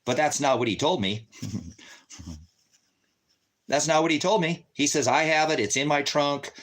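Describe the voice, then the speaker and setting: In a slightly high, fairly bright voice at a moderate pace, a man vents an angry personal story as a casual rant. He curses, sounds agitated and profane, and acts out his arguments with other people by quoting their voices.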